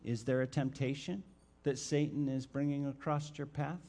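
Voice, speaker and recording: A male pastor preaching a sermon and reading scripture, asking his listeners direct questions and stressing key words by swinging his loudness. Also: mid-range voice, little pitch movement, normal speed. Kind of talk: expository sermon with Bible reading.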